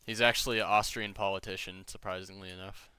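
A man's voice: low voice, flat delivery, fast, pushed and bright, clean tone, no room sound. A young man chatting casually with friends while gaming, rambling, joking and swearing freely. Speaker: gamer streaming with friends.

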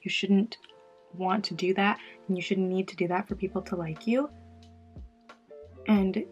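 A woman's voice: medium pitch, slightly rough. A young woman vlogger talking candidly about her past while doing her makeup, in a casual get-ready-with-me chat. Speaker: beauty vlogger.

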